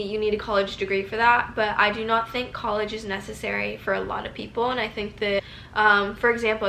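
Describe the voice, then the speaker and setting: A woman's voice: mid-range voice, fairly bright tone, slight background noise. A woman in her twenties chatting casually while answering viewer questions in a vlog, peppering her talk with "like" and casual slang. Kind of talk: casual advice Q&A chat.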